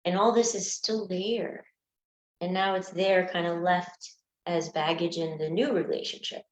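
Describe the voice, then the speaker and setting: A woman's voice: fairly low pitch, steady tone, a little slow, a little hiss or hum. A woman coaching listeners through breakup stages in an earnest teaching talk, sometimes acting out examples. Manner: earnest, acts out examples in small voices. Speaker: anxiety coach. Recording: echoey room, dull lo-fi sound.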